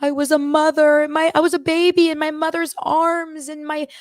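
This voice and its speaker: A woman voicing a sobbing woman overwhelmed with emotion, speaking high and tearfully. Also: level tone, normal speed, dry recording, studio quality, natural voice.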